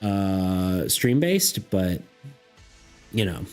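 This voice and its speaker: A low-pitched man chats loosely on a live stream, answering messages with lots of "um" and restarts. He meanders through his thoughts in a relaxed, offhand way. Soft background music plays faintly under his voice. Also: drawn-out words. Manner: rambling, lots of fillers and restarts, reads chat messages aloud. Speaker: streamer reading chat. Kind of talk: casual stream chat.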